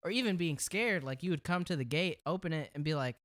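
A young adult man with a slightly high voice, telling a story in loose conversation. He talks in slang and swears freely. He gets animated and laughs through the telling. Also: fast. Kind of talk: casual storytelling chat.

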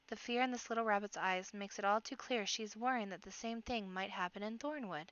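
Clear-voiced woman reading a storybook aloud. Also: mid-range voice, a little fast, few pauses, a bit bright, no echo, highs cut off. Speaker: host reading a book aloud. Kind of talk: reading a children's book aloud.

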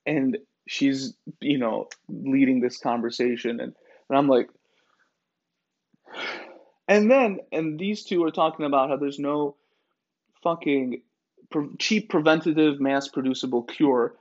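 On his podcast, a man rambles through a sarcastic, profanity-laced rant packed with fillers in a casual monologue. He speaks at a measured pace in a medium-pitched voice, leaving long pauses, and the recording sounds dull and lo-fi.

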